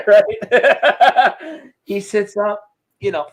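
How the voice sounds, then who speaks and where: A man as an interview guest, telling a story in a casual, animated way over a video call. He acts out sounds and swears freely. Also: high-pitched, extremely slow, long pauses, low-quality recording.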